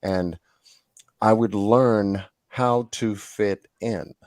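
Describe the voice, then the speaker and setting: New guy hosting a live stream, low voice, rambly, laughs a lot, dry close mic. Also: steady tone, extremely slow, a little mellow, no room sound. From New York. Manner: rambling storyteller, laughs often, many fillers. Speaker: host. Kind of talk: casual live-stream chat.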